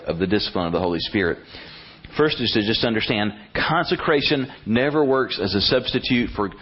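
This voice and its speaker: A man preaching a sermon as pastor, animated and blunt, acting out prayers in a rising voice. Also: mid-range voice, lo-fi sound.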